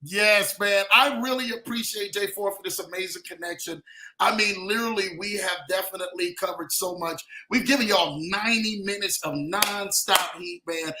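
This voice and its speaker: A man's voice: high voice, normal speed, sharp tone. A man hosting a livestream show, hyped and repeating phrases as he calls out viewers by name. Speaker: host. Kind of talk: upbeat livestream talk. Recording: roomy echo.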